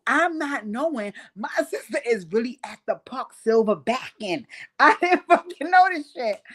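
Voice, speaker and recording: A middle-aged New York woman with a fairly high, somewhat bright voice hosts a live audience, telling stories in a loose, profane style and laughing often along the way.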